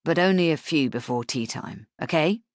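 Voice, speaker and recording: A woman voicing a playful father who puts on a slow, growling monster voice for his daughters. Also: sits low, expressive, dry recording, studio quality. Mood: gentle.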